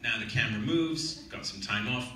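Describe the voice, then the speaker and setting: A man telling a story on stage in an animated, playful way. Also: mid-range voice, moderate pace. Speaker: guest actor. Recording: echoey hall, mic from far off.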